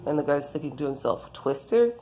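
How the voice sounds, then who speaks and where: Woman, low voice, mellow tone, casual rambling storytelling, lots of quoted chatter. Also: moderate pace, slight background noise. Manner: rambling, full of "he's like" quotes.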